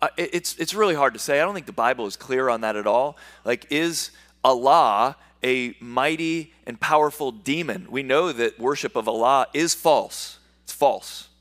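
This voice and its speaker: A man's voice: medium pitch, moderate pace, a bit bright. A man preaching a sermon as a pastor, reading scripture aloud and explaining it, often restarting and repeating words.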